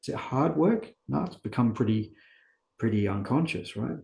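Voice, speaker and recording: In a roomy-sounding recording, a man talks at a moderate pace with a medium-pitched, creaky, mellow voice and lively intonation. As an interview guest, he shares his life story candidly and earnestly, frequently asking and answering his own questions in a conversational way.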